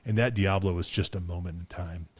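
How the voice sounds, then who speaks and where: A man's voice: low-pitched, fairly even intonation, brisk, a little mellow, breathy edge. A man co-hosting a car show, chatting casually with lots of fillers, restarts and chuckles. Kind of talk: casual chat.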